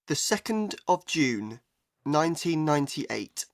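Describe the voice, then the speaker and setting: A low-voiced woman with a British accent, speaking unhurriedly with big pitch swings, plays a teenage girl in a scripted coursebook dialogue. She plainly gives her details and spells them out letter by letter, in full character voice. The studio-quality recording has no echo.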